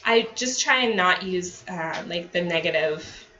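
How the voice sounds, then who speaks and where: A woman training therapists in a relaxed, conversational way, full of fillers and acted-out examples. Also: lowish voice, measured pace, slight background noise. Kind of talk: staff training talk. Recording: dull lo-fi audio.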